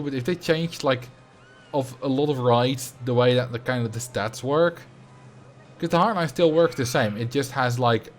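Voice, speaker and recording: A man talks casually over a live game stream, rambling along and answering his chat as he plays. He speaks into a desk microphone. Soft game music plays quietly behind his voice. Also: medium pitch. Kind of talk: casual live gameplay commentary. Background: faint game music.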